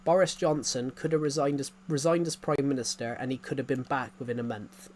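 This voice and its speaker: Male game streamer, mid-pitched, rambly and repeating himself, light hiss under the voice. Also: fairly even intonation, brisk, darkish tone. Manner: rambling, repeats phrases, frequent chuckles. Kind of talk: casual live-stream chatter.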